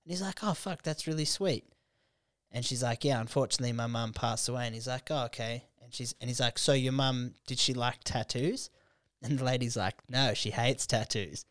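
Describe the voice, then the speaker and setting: A man's voice: medium pitch, dry recording, clean studio sound. A young man hosting a podcast, telling stories animatedly with lots of swearing and laughter. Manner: animated storyteller, swears freely, quick laughs. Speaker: podcast host. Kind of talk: casual chat.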